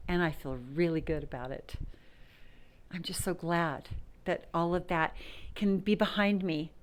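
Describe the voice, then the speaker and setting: A woman's voice: fairly low pitch, steady tone, unhurried, smooth. A woman talking frankly and emphatically to her viewers about self-worth and leaving bad relationships, dropping now and then to a whisper. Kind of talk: personal talk to camera.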